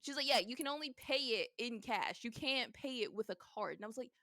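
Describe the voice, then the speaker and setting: A young woman chatting on a live stream, her higher voice bright and edged with vocal fry. She tells her stories in an animated way, laughing and swearing as she goes, and the sound is dry and close. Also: a little fast, no echo. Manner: animated storytelling, swears a lot, laughs often. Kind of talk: casual chat.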